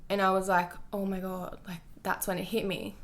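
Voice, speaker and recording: A woman's voice: mid-range voice, level tone, moderate pace. A young woman telling a personal storytime to her vlog viewers, candid and full of "like" fillers and swearing. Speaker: vlogger.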